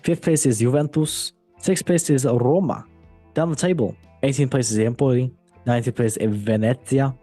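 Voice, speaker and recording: A man hosting a football podcast, running through match results in a relaxed, joking way. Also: medium pitch, moderate pace, faint music behind. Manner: relaxed, joking, reads results in a steady run. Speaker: podcast host. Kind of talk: casual football chat.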